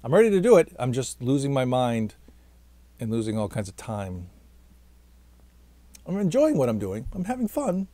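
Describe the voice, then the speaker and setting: A man's voice: medium pitch, big pitch swings, normal speed, long pauses, mellow, no echo. Tired, chatty man rambling to camera. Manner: chatty, self-mocking, keeps talking past his own sign-off. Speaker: vlogger and stage actor. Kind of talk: rambling casual monologue to camera.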